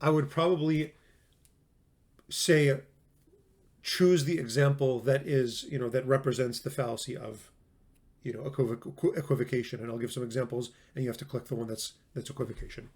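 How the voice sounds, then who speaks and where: A man's voice: mid-range voice, steady tone, a little fast, a little mellow, husky. A man giving a recorded classroom lecture on logic, talking in a conversational way, stressing words for emphasis and often restarting his sentences.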